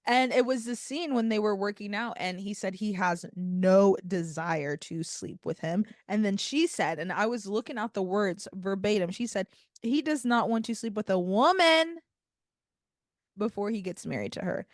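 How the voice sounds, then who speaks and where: A woman's voice: medium pitch, normal speed, no echo, clean studio sound. Wry woman podcast co-host. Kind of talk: casual gossip chat.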